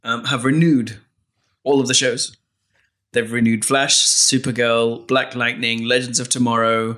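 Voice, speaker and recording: A man co-hosting a podcast, relaxed and teasing in casual chat. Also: medium pitch, unhurried. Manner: teasing, relaxed, many fillers. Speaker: podcast co-host.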